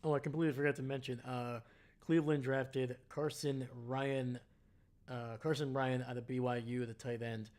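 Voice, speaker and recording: Man, tired, rambling, self-correcting, casual live-stream commentary, talks to chat, medium pitch. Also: flat delivery, moderate pace, darkish tone. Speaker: live draft reaction streamer.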